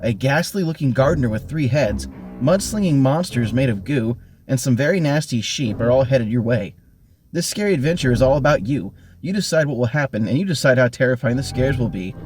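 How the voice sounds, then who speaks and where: A man's voice: medium pitch, fairly quick. A man hosting a podcast and theatrically reading a gamebook aloud. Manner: animated, theatrical read-aloud. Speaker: podcast host and narrator. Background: background music.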